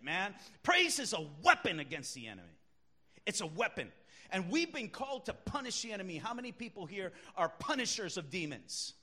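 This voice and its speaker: Male pastor, sermon delivery, high bright voice, emphatic with loud outbursts. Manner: emphatic preaching, swings from quiet to shouting.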